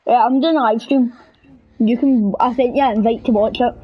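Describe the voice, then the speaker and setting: A woman's voice: a little high, steady tone, a little fast, highs cut off, slight background noise. A woman chatting casually and scattered on a gameplay live stream. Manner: chatty, scattered, self-interrupting.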